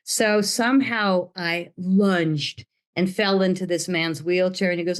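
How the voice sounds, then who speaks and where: A woman's voice: on the low side, steady tone, a little slow. An older woman telling her story as an interview guest, dramatic and acting out the voices of others. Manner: dramatic, acts out quoted voices.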